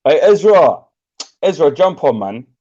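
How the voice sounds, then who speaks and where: A man's voice: fairly high pitch, very animated, measured pace, dark tone. Slangy Birmingham man on a muffled stream. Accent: Birmingham English. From England. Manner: laid-back, slangy, laughs often. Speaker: live stream host. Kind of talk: casual chat on a live stream.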